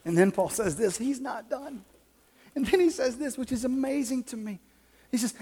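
A high-pitched man preaches a sermon, moving from easy storytelling to fervent, rising appeals. His voice rings with the long reverb of a church hall. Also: normal speed, dark tone, slightly rough. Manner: storytelling, building to impassioned preaching. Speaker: pastor.

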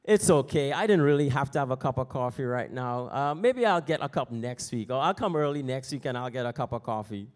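A man voicing a gentle, routine-loving churchgoer who softly talks himself into patience. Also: mid-range voice, animated, a little fast, hardly any pauses, lightly acted. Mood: reassuring. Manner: soft, reassuring himself.

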